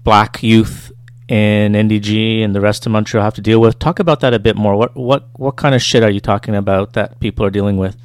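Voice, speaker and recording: A man hosting an interview, asking questions and reading a scripted outro in a calm, measured way. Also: lowish voice, clean tone, no room sound, studio quality. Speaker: interviewer and show host.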